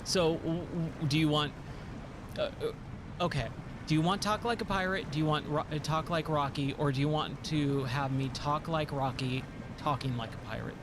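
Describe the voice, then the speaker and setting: Hoarse, tired man streaming a game. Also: a little high, fairly even intonation, moderate pace, noisy background. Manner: rambling, repeats words when flustered. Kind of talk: casual live-stream chat.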